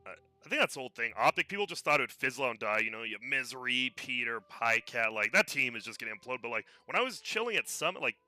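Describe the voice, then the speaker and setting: A man's voice: medium pitch, expressive, fast, few pauses, sharp tone, no room sound. A man commenting on a live esports match in a casual, chatty way, often restarting his words, with a headset mic.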